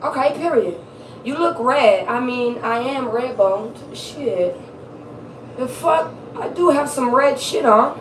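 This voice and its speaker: A woman with a fairly high, animated voice speaks slowly while giving a casual live tarot reading, chatting, laughing often and swearing freely. She is off-mic in an echoey room, recorded from a distance with slight background noise.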